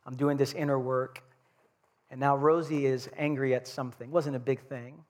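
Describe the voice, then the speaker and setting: A man's voice: medium pitch, level tone, moderate pace, darkish tone, slight background noise. A male pastor from Brooklyn preaching a sermon, telling stories animatedly and acting out scenes with humor. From Brooklyn, New York.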